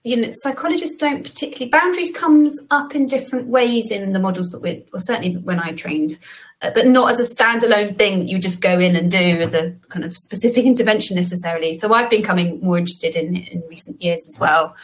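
A woman's voice: mid-range voice, fast, slight background noise, low-quality recording. A woman psychologist co-hosting a podcast, explaining ideas in a thoughtful, casual way with light laughs. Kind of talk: casual conversation.

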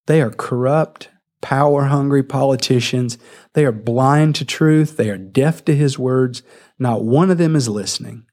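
Man preaching with animated storytelling. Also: mid-range voice, a little slow. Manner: animated storytelling, acting out the scene. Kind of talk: sermon.

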